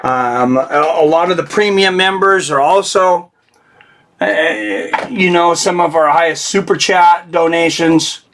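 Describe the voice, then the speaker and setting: A man's voice: on the high side, slow, fairly bright tone. A man hosting a live fight stream, chatting casually and rambling as he thanks his viewers and donors.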